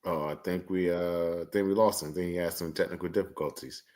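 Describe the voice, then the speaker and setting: A laid-back man co-hosts a podcast in a lowish voice. He chats casually and pauses on fillers. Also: fairly even intonation, a little mellow. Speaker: podcast co-host. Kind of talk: casual interview chat.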